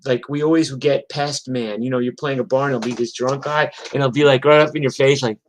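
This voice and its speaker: A man's voice: medium pitch, fairly even intonation, quick pace, slight background noise, rough recording. A man, a touring musician, telling road stories in a casual, profane, rambling way. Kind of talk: casual storytelling on a livestream.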